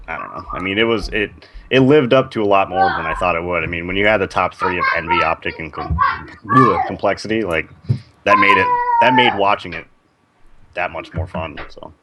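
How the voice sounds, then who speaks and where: A man guest chatting casually about gaming, laid-back and hedging, over a voice call. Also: deep voice. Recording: loud noise over voice call.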